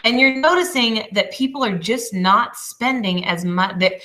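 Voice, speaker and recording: A woman in her twenties, a business coach teaching a casual lesson, chatty and quick to laugh. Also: medium pitch, background noise. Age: 20s. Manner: chatty, laughs often, apologizes.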